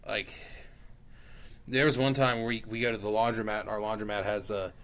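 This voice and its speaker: A man co-hosting a podcast, telling a drawn-out anecdote in casual chat with a wry tone. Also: fairly low pitch, level tone, fairly bright tone, slight background noise. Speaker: podcast co-host.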